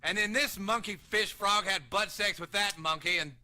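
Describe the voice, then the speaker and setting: A man voicing a crude, foul-mouthed cartoon schoolteacher who delivers a slow, mocking insult rant. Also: sits high, pushed and bright. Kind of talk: cartoon voice acting.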